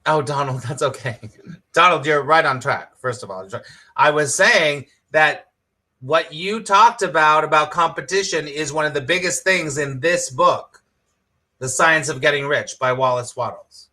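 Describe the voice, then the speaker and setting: A man's voice: a little high, unhurried, pushed and bright. A middle-aged man, a spiritual teacher, teaching on a live stream with enthusiasm, repeating his points and quizzing viewers by name.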